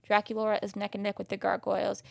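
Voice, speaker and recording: A woman's voice: mid-range voice, monotone, fast, creaky, no room sound. A young woman hosting a podcast, recapping in a chatty, sassy way and swearing freely. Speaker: podcast host. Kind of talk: casual recap chat.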